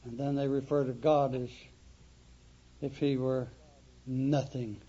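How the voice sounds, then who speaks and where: A man preaching a sermon, emphatic and deliberate, stressing words through repetition. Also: medium pitch, level tone, mellow, husky. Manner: emphatic, slow, dramatic repetition. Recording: dull lo-fi recording.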